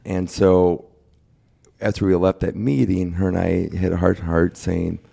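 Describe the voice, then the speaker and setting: A young man talks plainly and candidly in a casual interview. His voice sits very low, with a heavy gravelly fry and a dark, husky edge. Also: little pitch movement, a little slow. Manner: candid, plain-spoken, quotes others in his retelling. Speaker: guest sharing his cancer story.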